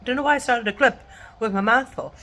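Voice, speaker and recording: A woman's voice: fairly high pitch, a little fast, bright, forceful tone. Chatty woman vlogging, rambling with fillers. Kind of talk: casual vlog chat. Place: at home and outdoors in a park.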